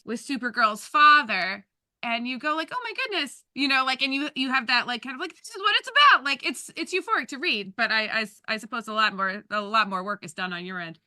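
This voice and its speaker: A woman's voice: fairly high pitch, a little fast, bright, forceful tone, dry recording, clean studio sound. A woman co-hosting a podcast, who is giggly and enthusiastic and laughs often while asking questions. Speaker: podcast host. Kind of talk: casual podcast interview.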